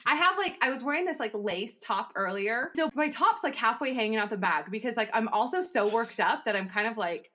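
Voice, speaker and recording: A young woman tells a story in casual conversation, her voice sitting a little high. She talks in an animated way, acts out what others said and laughs often. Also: fairly quick, few pauses.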